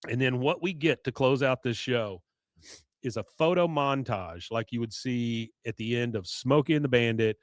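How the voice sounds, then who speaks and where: Male podcast host, mid-range pitch, dry close-mic sound, voice wearing thin, loose animated recap delivery. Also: moderate pace, no echo. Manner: animated storytelling, frequent "uh" and "you see". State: voice going hoarse. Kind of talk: casual episode recap.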